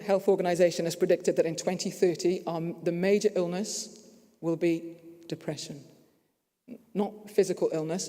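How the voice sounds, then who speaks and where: A man with a high but dark-toned voice and a New Zealand accent gives an earnest conference talk full of stories. The sound echoes around the hall.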